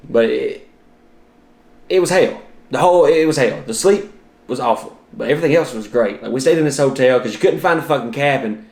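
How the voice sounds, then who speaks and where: A man in his thirties tells comic stories with profane, self-mocking exaggeration. His voice sits at a middle pitch and carries a noticeable room echo. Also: moderate pace. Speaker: podcast host and comedian. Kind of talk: comedic storytelling monologue.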